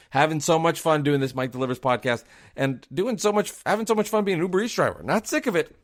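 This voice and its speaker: A man's voice: medium pitch, fairly bright tone. Chatty, profane male podcast host. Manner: chatty, profane, self-deprecating. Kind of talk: casual storytelling.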